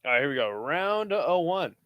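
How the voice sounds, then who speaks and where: A man's voice: fairly high pitch, big pitch swings, moderate pace, no echo, lo-fi sound. A man hosting a live watch-party stream, chatting bluntly and profanely and reading chat aloud.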